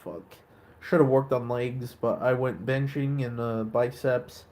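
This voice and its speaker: A man's voice: mid-range voice, steady tone, a little slow, darkish tone. A man chatting casually on a live stream, rambling and swearing now and then.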